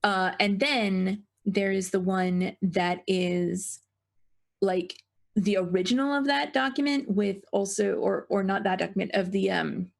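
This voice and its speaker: Woman, mid pitch, creaky gravelly tone, halting explainer among friends. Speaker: tabletop game player. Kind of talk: casual chat among players.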